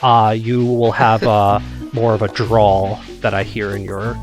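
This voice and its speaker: A man's voice: fairly low pitch, little pitch movement, unhurried. A man with a Midwestern American accent, chatting casually and reflectively while playing a game, hedging and restarting his sentences. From United States. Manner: rambling and reflective, full of hedges and restarts. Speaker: co-host, gamer. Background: game music.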